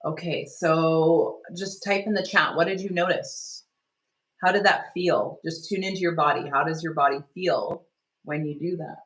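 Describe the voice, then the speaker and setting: A woman leading a live online healing workshop, talking gently and loosely, with many restarts and fillers as she guides a self-care technique. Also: low-pitched, steady tone, moderate pace, poor audio. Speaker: energy healing teacher.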